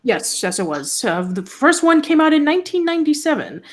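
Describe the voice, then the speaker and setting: A woman's voice: high-pitched, sing-song, a little fast, over a noisy crowd. A woman co-hosting a casual online show, reading news items in a chatty, hesitant way with many fillers. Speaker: co-host. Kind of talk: casual podcast chat.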